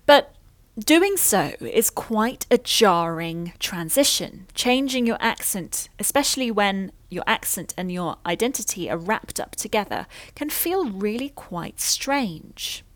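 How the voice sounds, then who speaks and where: A woman's voice: mid-range voice, expressive, slow pace, dry recording. A woman with a British received pronunciation accent, an accent coach talking thoughtfully to camera with precise diction. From Britain. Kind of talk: reflective talk to camera.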